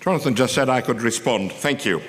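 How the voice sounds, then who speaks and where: A man's voice: medium pitch, brisk, fairly bright tone, faint music behind. An older man with a Turkish accent giving an acceptance speech with dry, self-deprecating wit. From Turkey. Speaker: award recipient. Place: large conference hall on stage. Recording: long reverb of a large hall.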